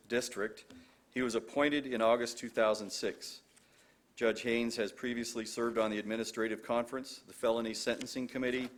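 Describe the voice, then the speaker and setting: A man's voice: medium pitch, fairly bright tone. Guy at a podium mic reading award intros, formal, trips on a word now and then. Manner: formal, read from script, some stumbles. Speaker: ceremony announcer. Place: graduation ceremony venue.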